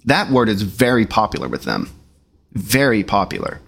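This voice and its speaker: Male podcast host, profane and sarcastic, very lively pitch. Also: moderate pace, gravelly. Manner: blunt, profane, mocking; mimics rappers in a high voice. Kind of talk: casual commentary reacting to clips.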